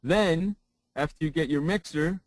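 A man's voice: on the high side, a little slow, no room sound, rough recording. A man who hosts a sports talk radio show, giving a seminar presentation on broadcasting and repeating his points for emphasis into his own broadcast microphone.

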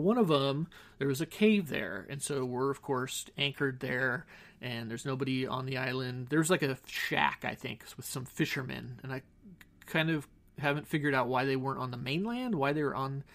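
Gravelly-voiced man telling rambling stories. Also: mid-range voice, a bit bright. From Southern California. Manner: rambling, self-interrupting, wry asides. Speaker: podcast host. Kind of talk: casual storytelling monologue. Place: home studio. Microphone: studio microphone.

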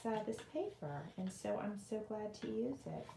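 A woman's voice: medium pitch, lively intonation, moderate pace, creaky, warm tone, a little hiss or hum. Woman, middle-aged, livestream host, casual rambling chat, home craft room, roomy echo. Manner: chatty, rambling, reads comments aloud.

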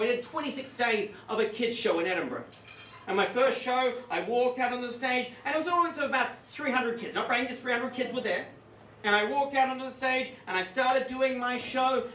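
A man doing live stand-up, telling a story in an animated, swearing comic manner on a club stage. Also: very high-pitched, slight background noise. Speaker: stand-up comedian. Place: comedy club stage with audience. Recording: echoey club room, distant mic.

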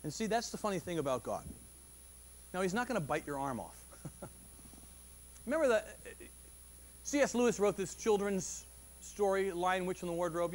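Pastor guy giving a sunday sermon, pretty high voice, chatty and animated, restarts a lot, ramps up when he makes a point. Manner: animated and conversational, with frequent restarts and rising emphasis. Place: church service.

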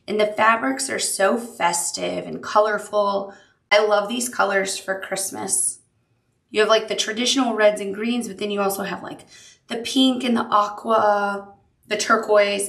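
A woman's voice: mid-range voice, creaky, fairly bright tone, reverberant. Chatty woman teaching applique. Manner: chatty, upbeat, cooing over cute details. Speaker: quilting instructor. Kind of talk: sewing tutorial demonstration.

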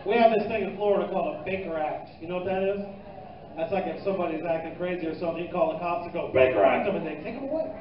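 Profane stand-up comic in an echoey club. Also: male voice, high voice, very fast. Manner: loose, profane, teasing the crowd. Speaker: stand-up comedian. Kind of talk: stand-up set with crowd work. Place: live comedy club, audience present. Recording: echoey, distant, muffled club recording with noise.

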